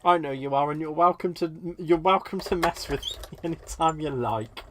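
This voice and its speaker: A man's voice: fairly high pitch, normal speed, background noise. A man hosting a live crafting demonstration from his home desk. He chats with viewers in a playful, camp, teasing way while he works. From United Kingdom. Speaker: crafting livestream host. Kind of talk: live crafting demo chat.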